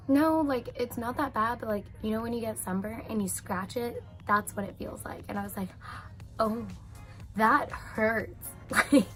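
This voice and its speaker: A young woman vlogger chatting casually through a storytime, retelling a day out with lots of "like" fillers and quoted voices. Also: on the high side.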